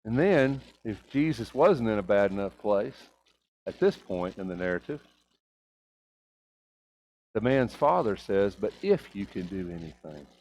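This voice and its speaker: A man preaching a sermon, asking his congregation rhetorical questions and swinging between hushed and raised delivery, with a light Oklahoma Southern accent. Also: on the low side, very animated, a little slow, long pauses, poor audio.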